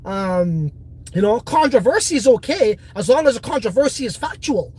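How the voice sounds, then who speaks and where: A man's voice: extremely high pitch, animated, moderate pace, darkish tone, slightly rough. A man hosting a casual crypto livestream, reading viewer comments in a boastful, profane, rambling way.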